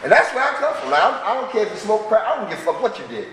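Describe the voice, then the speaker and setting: Talking very fast in a sing-song, somewhat bright voice that sits high, a middle-aged man spins rough, profane stories of his old life for a twelve-step group. He has the manner of a raw street storyteller. The recording comes from a distant mic in a large, echoey meeting hall, with slight background noise.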